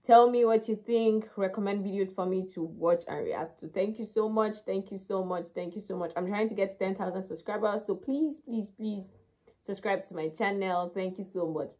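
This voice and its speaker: A woman from Nigeria with a Nigerian accent, hosting a casual, chatty reaction video in an excitable way. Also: mid-range voice, normal speed. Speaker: YouTube reaction host.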